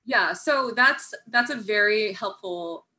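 Female interview guest, bright tone, halting and open, laughs easily. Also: medium pitch. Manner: hesitant, many fillers, laughs readily. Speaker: podcast guest. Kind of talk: casual interview chat.

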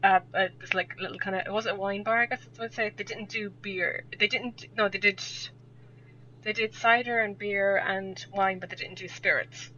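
A woman's voice: medium pitch, fairly even intonation, normal speed, sharp tone, a little hiss or hum. A young Irish woman telling a rambling story in casual chat, laughing often as a podcast guest. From Ireland. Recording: dull lo-fi audio.

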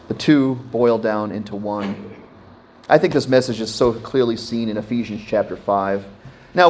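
A man's voice: mid-range voice, a little mellow. A man in his thirties, a pastor preaching a sermon in a conversational way, often asking his congregation questions.

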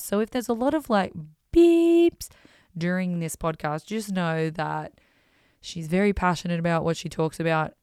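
A woman hosting a podcast, telling stories in an animated, self-mocking way and swearing freely. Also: low-pitched, smooth, dry recording, clean studio sound. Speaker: podcast host. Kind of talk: casual storytelling.

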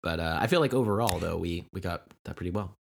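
A man co-hosting a podcast in casual chat, playful and quick to laugh. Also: sits low, vocal fry, slight background noise. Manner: laughs often, animated and playful. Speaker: podcast co-host.

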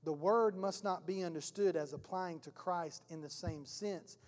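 A male pastor giving a sermon in a church, telling an animated story and acting out its scenes. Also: sits high, moderate pace. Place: church hall. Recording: long reverb of a church hall.

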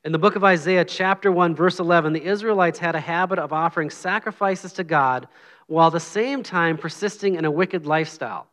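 Lay preacher, middle-aged man, slightly high voice, earnest and humble, conversational sermon delivery. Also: a little fast, a bit bright. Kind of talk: informal sermon with prayer.

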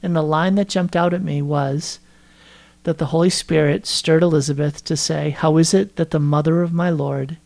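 A middle-aged man co-hosting a faith podcast, speaking in a thoughtful, quietly amazed way. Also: on the high side, fairly even intonation, normal speed, gravelly. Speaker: podcast co-host. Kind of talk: casual faith conversation.

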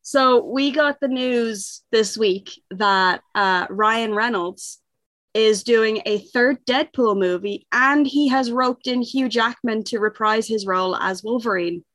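A woman co-hosting a podcast, chatting casually and excitedly, laughing often and rambling with fillers. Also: a little high, takes it slowly, dry recording. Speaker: podcast co-host. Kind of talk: casual chat.

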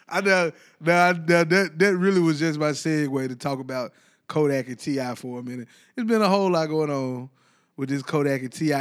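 A man's voice: on the high side, a little fast. A man hosting his own podcast in loose casual chat, rambling and breaking off to restart his thoughts. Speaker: podcast host.

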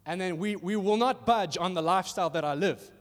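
A man with a high voice preaches to a congregation, conversational and animated, often checking in with his listeners. His voice rings out with the long reverb of a large hall. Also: brisk. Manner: animated and conversational, acting out little voices, asks "are you with me?". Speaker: pastor. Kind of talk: sermon. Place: church hall.

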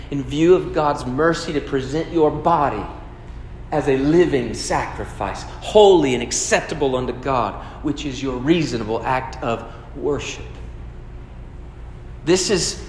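Speaking in a slightly high voice, a pastor earnestly and conversationally preaches, putting questions to his listeners. There is slight background noise, and the echoey hall lends a long reverb.

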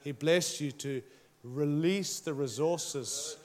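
A man's voice: a little high, takes it slowly, a little mellow. A man preaching a sermon, emphatic and passionate, challenging his listeners directly. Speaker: pastor.

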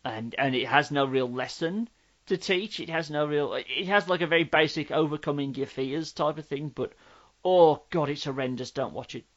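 A man's voice: on the high side, moderate pace, lo-fi sound. A man with a Black Country accent, co-hosting a film podcast, giving emphatic opinions on movies. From Black Country, England. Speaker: podcast co-host. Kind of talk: casual film review chat.

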